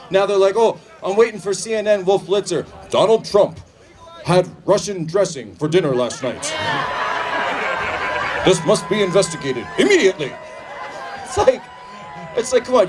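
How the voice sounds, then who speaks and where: A man giving a political rally speech outdoors, shouting to a crowd and leading chants. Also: sits high, far from the mic. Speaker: rally speaker. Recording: loud crowd and outdoor noise. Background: cheering crowd.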